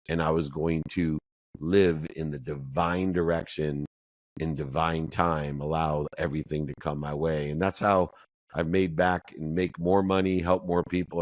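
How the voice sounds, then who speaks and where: A man's voice: deep voice, darkish tone, no echo. A middle-aged man, a guest in an interview, telling a personal story with emotion and repeating phrases for emphasis. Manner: emotional retelling, acts out dialogue in a raised voice.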